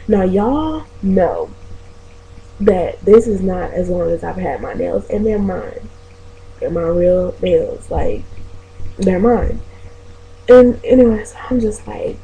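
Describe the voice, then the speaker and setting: A woman's voice: mid-range voice, moderate pace, dark tone, low-quality recording. A woman vlogger telling a story to her viewers in a chatty, profane way, calling them y'all. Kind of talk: casual storytelling vlog.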